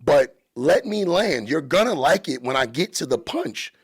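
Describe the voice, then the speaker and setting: Husky, lively-voiced man hosting. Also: on the high side, moderate pace. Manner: profane, loose, calls everyone bro. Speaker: podcast host. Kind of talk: casual podcast chat.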